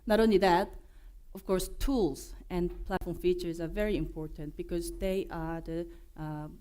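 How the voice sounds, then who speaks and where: A woman with a Korean accent presenting at a developer conference, her voice hoarse from being unwell, joking and filling pauses with many fillers and restarts. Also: fairly low pitch, fairly even intonation, dark tone. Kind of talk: conference talk. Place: conference room.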